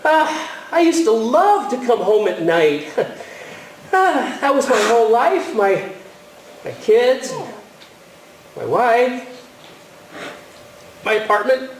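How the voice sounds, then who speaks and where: A man's voice: very high-pitched, very animated, slow pace, pauses often, heavily acted. A man playing a weepy, fussy divorced guy. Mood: teary. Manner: mournful, sighing, apologetic. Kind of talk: stage comedy acting. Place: theater stage. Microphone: distant audience recording. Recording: roomy hall from far off, faint noise.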